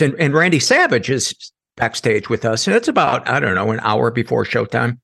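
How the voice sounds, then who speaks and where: Man, gravelly, husky, wry comic storyteller, quick asides. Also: mid-range voice, expressive, fairly bright tone. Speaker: guest comedian telling a story. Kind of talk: casual storytelling.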